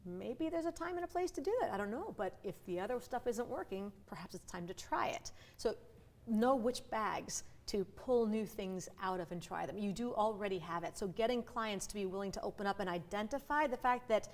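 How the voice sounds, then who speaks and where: A middle-aged woman who coaches speakers, explaining her ideas in an animated, conversational interview with playful asides. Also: mid-range voice. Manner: animated, with quick vivid asides and playful voices. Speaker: voice and communication coach.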